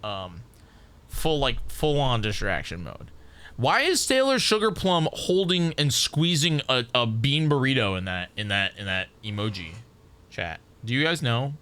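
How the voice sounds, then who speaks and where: Male streamer, loose rambling talk full of restarts, bright and crisp. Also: mid-range voice, sing-song, a little slow. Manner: rambling, stacks repeated restarts. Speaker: game streamer. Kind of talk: casual live-stream chat.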